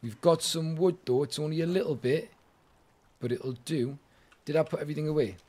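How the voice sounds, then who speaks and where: Gamer guy, somewhat high voice, chatty and jokey, live let's-play commentary. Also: fairly quick, mellow. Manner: chatty, jokey, talks to himself and chat. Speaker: gaming streamer.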